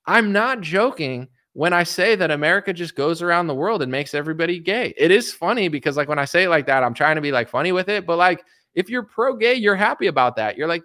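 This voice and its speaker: A man's voice: on the high side, fairly bright tone. A young man hosting his own show, ranting about politics in a heated, sarcastic, casual way, calling listeners dude and folks. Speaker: political commentary host.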